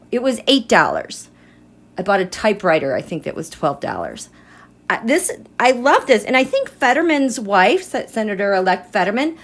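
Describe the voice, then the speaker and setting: A woman hosting a tarot and astrology livestream from home, chatting in a rambling way and greeting viewers by name. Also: a little high. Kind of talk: casual livestream chat.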